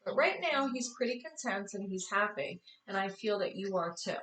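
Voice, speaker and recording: A woman's voice: mid-range voice, normal speed, a bit bright, reverberant, far from the mic, low-quality recording. A woman giving a casual tarot reading, tired and chatty, apologizing and correcting herself as she goes. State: tired, yawning. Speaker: tarot reader.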